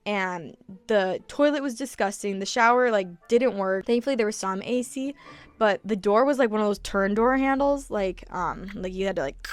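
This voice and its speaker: A young woman in her twenties telling an animated, profane travel story in a casual vlog. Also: mid-range voice, moderate pace, clear, resonant tone. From United States. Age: 20s.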